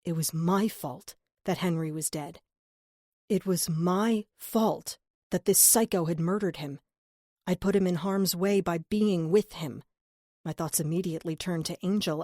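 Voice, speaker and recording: A woman narrating a first-person crime audiobook in a measured, earnest way on a close studio mic. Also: fairly low pitch, fairly even intonation, a little mellow, no echo.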